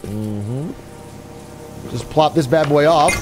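A man streaming a puzzle game live, giving excitable, sarcastic commentary with frequent swearing and laughter. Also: on the high side, extremely slow. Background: game music.

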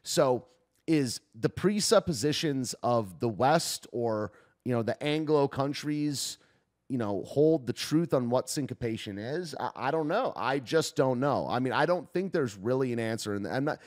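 A man's voice: medium pitch, lively intonation, measured pace, a little mellow. A man hosting a video, giving tentative, off-the-cuff commentary as he thinks aloud and reacts to a clip.

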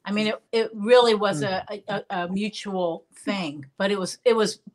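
A woman's voice: mid-range voice, moderate pace. A woman and former cast member telling vivid, emphatic stories in a reunion video call.

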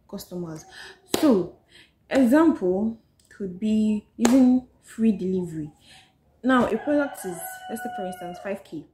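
A woman's voice: mid-range voice, background noise. Chatty Nigerian woman vlogger, echoey room. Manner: chatty, repeats "so yes", talks to viewers directly. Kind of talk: casual book-summary vlog.

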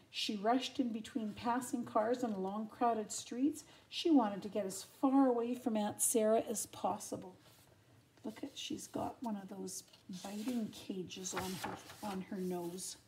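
An older woman reads a children's storybook aloud at an unhurried pace, her voice soft and mellow. She reads expressively and drops in gentle asides to her young listeners. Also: mid-range voice. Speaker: grandmother reading aloud.

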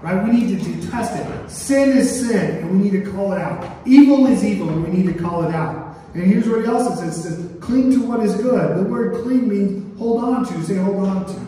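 Preacher in an echoey church hall. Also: male voice, high-pitched, normal speed, warm tone, recorded from a distance, slight background noise. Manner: call-and-response preaching, asks the congregation to repeat phrases; sings a line playfully. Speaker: pastor. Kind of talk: sermon. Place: church sanctuary.

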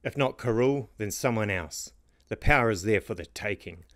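A man putting on a brutal, bellowing king, heavy and merciless, snarling his threats in a storybook reading. The voice sits on the low side, with a dry, close sound. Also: lively intonation, normal speed, no echo, natural voice. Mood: furious. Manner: shouting, snarling. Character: furious bullying male king, heavy and cruel.

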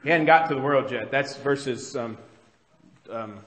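A man's voice: mid-range voice, a little slow, fairly bright tone, big-room sound. A man preaching a sermon as pastor, in a conversational way that keeps putting questions to the congregation. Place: church sanctuary.

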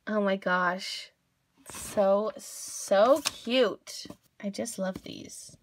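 A young woman hosting a casual toy unboxing video, gushing over each cute toy with gasps and squeals. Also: medium pitch.

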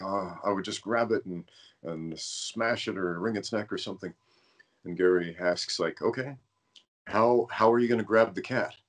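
A man hosting a podcast, telling a rambling story in casual conversation and stumbling over his words now and then. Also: fairly low pitch. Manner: rambling storyteller, self-aware about stuttering. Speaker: podcast host.

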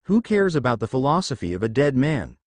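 A man's voice: medium pitch, very animated, brisk, darkish tone, dry recording, lightly acted. Man putting on a sneering sadistic ninja woman. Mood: scornful. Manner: sneering, growling and hissing. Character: cruel, sadistic grown woman ninja, scornful. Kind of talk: fan fiction story reading.

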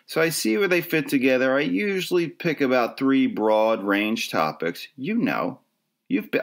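A man's voice: mid-range voice, fairly bright tone. A middle-aged man from the Philadelphia area, hosting his own podcast in a wry, rambling, self-deprecating monologue. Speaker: podcast host. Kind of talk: casual solo podcast monologue.

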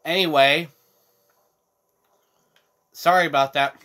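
A man's voice: fairly high pitch, steady tone, takes it slowly, bright, forceful tone. A man narrates his gameplay in a casual walkthrough, talking straight to his viewers. He is chatty and keeps checking that they are following along. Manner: chatty, addresses viewers, frequent "okay?" checks. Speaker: gaming channel host. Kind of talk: casual game walkthrough commentary.

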